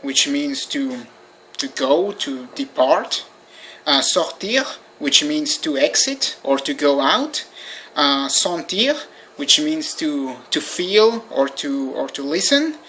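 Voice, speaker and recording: Bright-voiced teacher spelling out endings. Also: medium pitch, very animated, slow pace, a little hiss or hum. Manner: patient, repeats points and spells endings letter by letter. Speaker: language teacher. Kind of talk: informal recorded lesson. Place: indoors by a window.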